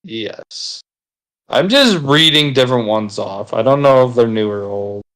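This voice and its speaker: A man's voice: medium pitch, lively intonation, a little slow, fairly bright tone, rough recording. A man chatting casually with friends while gaming, rambling and teasing with casual swearing. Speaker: gaming video co-host.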